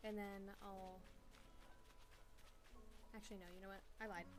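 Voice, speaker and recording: A woman's voice: medium pitch, level tone, unhurried. A woman streamer chatting casually from a small room at home, giggly and rambling, with many fillers. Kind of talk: casual livestream chat.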